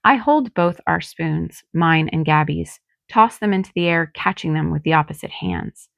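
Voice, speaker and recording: A woman reading her own novel aloud in calm first-person narration. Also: deep voice, normal speed, vocal fry, no echo, highs cut off. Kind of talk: audiobook reading.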